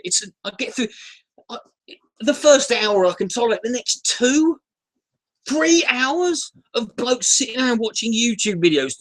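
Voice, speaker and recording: High and fairly bright in tone, a man's voice rants at viewers on a casual livestream. The YouTuber swears a lot and sounds irritable, sighing as he repeatedly breaks off and begins his sentences again.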